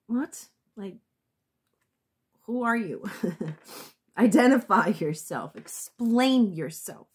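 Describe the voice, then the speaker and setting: A woman's voice: mid-range voice, animated, very slow, long pauses, husky. A woman giving a casual tarot reading to her viewers, blunt and sometimes profane, thinking aloud and restarting her sentences. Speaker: tarot reader.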